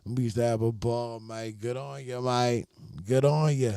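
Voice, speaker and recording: A brusque, mocking Australian customer, as a man puts on the accent, barking at a telemarketer. The voice rides a few notes above the performer's own very low, dark tone, in a bouncy, sing-song put-on accent. The sound is close and dry. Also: little pitch movement, measured pace, vocal fry, smooth, no room sound. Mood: playful. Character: rude, blunt Australian phone customer, adult man.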